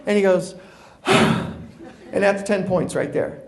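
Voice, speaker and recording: High-voiced New man telling stories. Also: slow. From New York. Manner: animated storyteller acting out phone calls. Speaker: guest speaker. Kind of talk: humorous keynote talk. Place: conference room before an audience.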